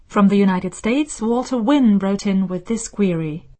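A woman hosting a radio listener mail show, reading her script in a measured, explanatory way from a studio. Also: mid-range voice, warm tone.

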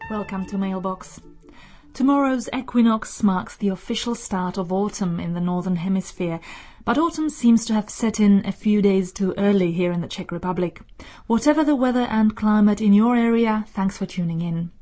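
A woman hosting a radio listener mail show, reading her script in a measured, explanatory way from a studio. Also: medium pitch, mellow, soft background music.

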